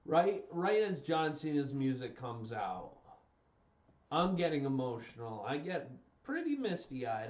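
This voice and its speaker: Venting on a stream, a young adult man offers casual, emphatic commentary, going over the same complaints again and again. His slightly high voice is sing-song and unhurried, picked up by a distant mic in dull, roomy lo-fi audio.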